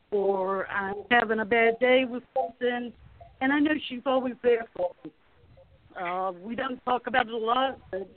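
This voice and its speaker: A woman's voice: fairly high pitch, no room sound. A woman calling in to a show, telling a funny story about a friend in a chatty, casual way. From Florida. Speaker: caller sharing a story. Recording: tinny phone line.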